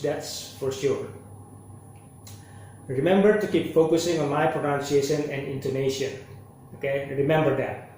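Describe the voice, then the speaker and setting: A man with an Indonesian accent giving an online language lesson, earnest and repeating key phrases slowly. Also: a little high, a little mellow. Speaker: language teacher. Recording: echoey room with faint noise.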